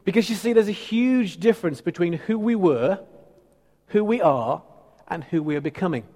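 A man's voice: high-pitched, lively intonation, normal speed, warm tone. A man preaching a sermon in a conversational, teasing, emphatic way. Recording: reverberant hall.

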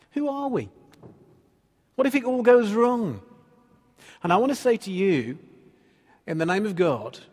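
A man's voice: a little high, darkish tone, long reverb tail. A man preaching a sermon as pastor, earnestly reading and explaining scripture.

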